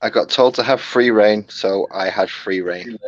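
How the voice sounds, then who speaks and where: Mancunian man, very deep, dry and laid-back, on muffled call audio. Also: measured pace, dry recording. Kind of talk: casual chat.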